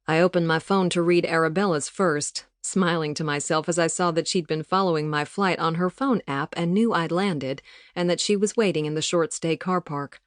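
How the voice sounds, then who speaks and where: A woman narrates an audiobook in a calm, measured storytelling voice. Her pitch sits a little low, and the close studio recording is dry with no room sound. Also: no room sound. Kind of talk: scripted narration. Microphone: studio mic, close.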